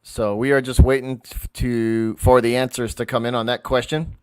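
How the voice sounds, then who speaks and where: A man co-hosting a casual trivia stream from home, talking with his girlfriend in a halting way, restarting his sentences often. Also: medium pitch, level tone, darkish tone, clean tone. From Boston area. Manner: halting, restarts a lot while recalling. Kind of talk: casual chat.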